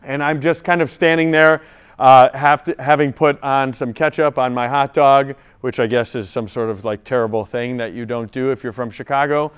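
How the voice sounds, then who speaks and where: A man's voice: mid-range voice, steady tone, moderate pace, clean tone. A man, a priest, telling a story and then preaching to a gathering of college students. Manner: storytelling, builds to preaching emphasis. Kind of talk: sermon.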